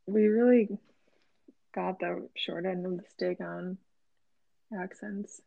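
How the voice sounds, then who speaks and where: Chatty Minnesotan young woman with a gravelly voice. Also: on the low side, steady tone, slow pace, no echo, phone-quality sound. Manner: chatty, filler-heavy, laughs often. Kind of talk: casual chat.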